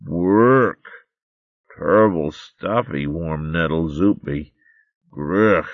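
A man doing a slow mole girl. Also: sits low, no echo, narrow, tinny audio, exaggerated voice. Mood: worried. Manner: slow, drawling rustic dialect. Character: small female mole babe, timid and rustic.

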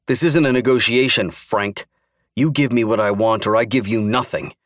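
A man's voice: mid-range voice, normal speed, no room sound, clean studio sound, natural voice. A man voicing a male captive who keeps his shaky voice assertive while bluffing, in an audiobook. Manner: assertive, clipped, faintly shaky. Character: composed male captive bluffing under pressure.

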